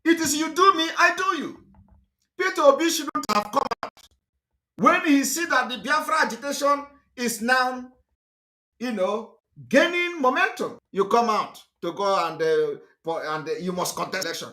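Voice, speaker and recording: A man's voice: extremely high pitch, lively intonation, normal speed, bright, forceful tone, slight background noise. A man with a Nigerian accent gives a fiery, repetitive, emphatic political monologue as a livestream host.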